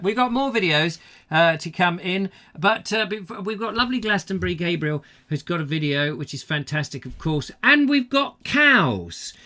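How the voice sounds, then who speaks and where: A man's voice: on the high side, pushed and bright. A man hosting a comic chat show, jokey and rambling in his banter. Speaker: host.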